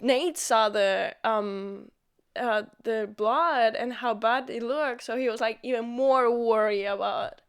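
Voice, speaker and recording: A young woman chats as a podcast guest. Her voice is fairly high and smooth. She eagerly chimes in to fill in details of the story. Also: slow. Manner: eager, chiming in to add details. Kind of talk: casual chat.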